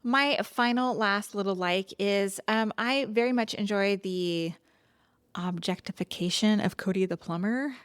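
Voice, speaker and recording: A woman's voice: medium pitch, a little slow, clean tone, no echo. A woman co-hosting a podcast, frankly giving her movie opinions in casual chat, with lots of filler words. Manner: chatty, frank, many "like" fillers. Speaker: podcast co-host.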